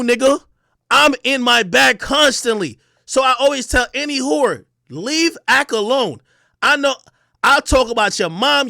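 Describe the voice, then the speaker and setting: A young man from Jamaica ranting on a livestream, loud, profane and boastful. He swings between shouting and muttering. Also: very high voice, creaky, no echo, clean studio sound. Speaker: livestream host.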